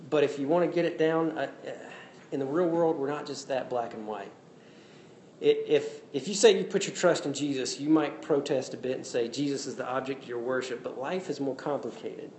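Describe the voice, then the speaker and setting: Animated preacher man in echoey hall. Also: mid-range voice. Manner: animated, jokey preaching with acted-out quotes. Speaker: pastor. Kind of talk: sermon. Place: church hall. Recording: echoey hall with faint room noise.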